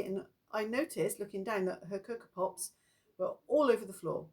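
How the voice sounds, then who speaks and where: A middle-aged woman casually telling ghost stories in a chatty, meandering way. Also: normal speed. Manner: chatty and meandering, breaks into lively high-pitched acted quotes. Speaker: spiritual vlogger.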